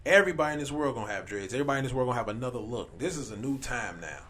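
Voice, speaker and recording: A man's voice: medium pitch, expressive, racing, a bit bright. A man hosting a podcast in casual chat, telling stories loosely with slang and asides. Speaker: podcast host.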